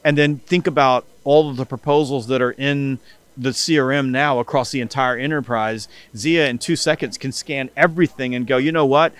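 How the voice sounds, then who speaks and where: A middle-aged man, a podcast guest, telling animated stories in casual interview talk and acting out bits of dialogue, with frequent restarts. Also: medium pitch, moderate pace, clear, resonant tone. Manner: animated storyteller who acts out dialogue, with many restarts. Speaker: guest, sales company CEO and author.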